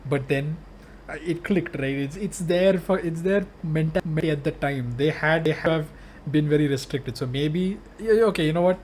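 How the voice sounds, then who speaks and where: A man with a high voice chats on a podcast. He talks earnestly and casually, laying out his point. A faint hiss of noise sits behind him. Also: normal speed, a little mellow. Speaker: podcast co-host. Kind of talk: casual chat.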